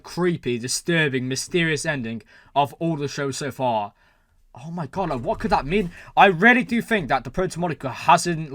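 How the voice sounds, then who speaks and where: Man, reaction host, excitable, rambling, fairly high voice, dry close sound. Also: no echo. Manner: excitable, rambling, thinks aloud with many fillers and exclamations. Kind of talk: excited TV episode reaction and speculation.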